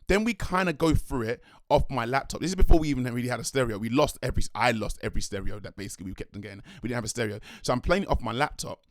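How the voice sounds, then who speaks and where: A young man, a dance crew leader telling a rambling, excitable story in a vlog. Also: mid-range voice, racing, hardly any pauses, no room sound, studio quality. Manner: rambling, excitable, slangy, self-correcting.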